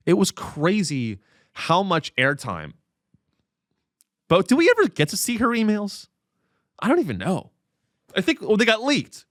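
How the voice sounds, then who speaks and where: A man's voice: sits high, fairly bright tone, no room sound, clean studio sound. A man hosting a podcast in a casual comedic rant, profane and rambling. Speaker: podcast host.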